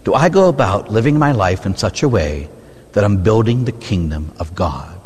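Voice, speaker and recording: Husky-voiced priest preaching in a reverberant hall. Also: male voice, lowish voice, lively intonation, normal speed, darkish tone. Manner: asks the listeners short rhetorical questions, often ending with "huh?"; acts out prayers and people's complaints in changed voices. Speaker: Catholic priest. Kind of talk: conversational sermon.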